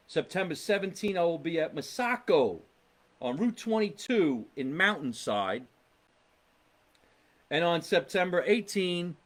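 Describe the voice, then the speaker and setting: A man with a New Jersey accent, a comedian hosting a casual live podcast, chatting and reading out viewer comments in a rambling way. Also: on the high side. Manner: chatty, rambling, exasperated asides.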